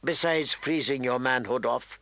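A man's voice: medium pitch, normal speed, pushed and bright, dry recording. A man voicing a wry, sardonic dwarf nobleman with a dry, drawling delivery.

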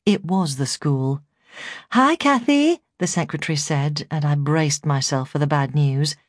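Low-voiced woman reading a memoir. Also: darkish tone, no room sound, clean studio sound. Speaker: audiobook narrator. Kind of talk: first-person memoir reading.

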